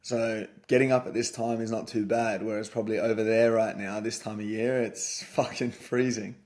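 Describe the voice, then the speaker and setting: Laid-back podcast co-host. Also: male voice, lowish voice, normal speed. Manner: relaxed, blokey, swears casually. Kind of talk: casual podcast chat.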